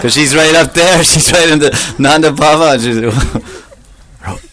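A man's voice: a little high, unhurried. Playful, laughing male storyteller-preacher. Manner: animated, laughing often, playful asides. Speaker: preacher telling a devotional story. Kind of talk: storytelling sermon.

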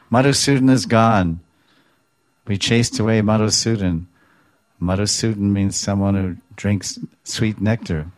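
A man with a very low, deep voice giving a devotional talk, telling sacred stories in an animated way and pausing to explain terms. He chuckles now and then. The recording is dry and close, with no room echo. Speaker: devotional speaker.

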